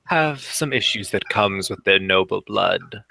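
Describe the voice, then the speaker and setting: A man voicing a sly nobleman who speaks with smooth, predatory politeness. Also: lowish voice, expressive, a little slow, pushed and bright, slight background noise, exaggerated voice. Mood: condescending.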